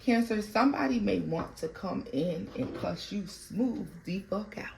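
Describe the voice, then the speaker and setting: A woman's voice: medium pitch, lively intonation, a little slow, gravelly, hardly any pauses, a little hiss or hum, rough recording. Blunt, profane woman tarot reader. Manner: blunt and profane, swinging between loud outbursts and murmurs. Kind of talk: tarot card reading.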